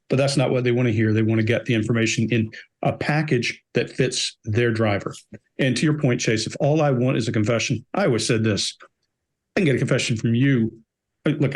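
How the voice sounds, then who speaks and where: A middle-aged man on a body language panel, talking bluntly and emphatically, driving his points home by repeating them. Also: mid-range voice. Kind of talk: casual panel discussion.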